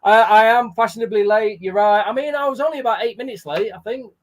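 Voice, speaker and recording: Man, livestream host, casual chat, high voice, greets viewers by name. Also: fast.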